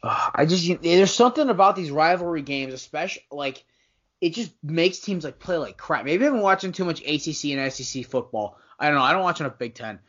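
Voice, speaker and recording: A man's voice: fairly high pitch, animated, a little fast, fairly bright tone. A man co-hosting a casual sports podcast, rambling and teasing, often correcting himself mid-sentence. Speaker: podcast co-host. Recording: dull lo-fi podcast audio.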